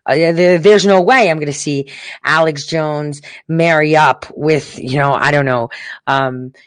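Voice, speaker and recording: Woman, low voice, heated rant, swearing, emphatic, dry close sound. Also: steady tone, a little slow, no echo. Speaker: political commentator. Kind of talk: casual profane rant to viewers.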